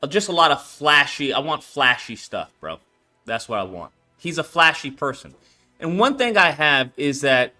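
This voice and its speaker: Animated, slangy young man. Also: mid-range voice. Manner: animated, slangy, frequent swearing and fillers. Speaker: game developer and channel host. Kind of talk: casual livestream chat.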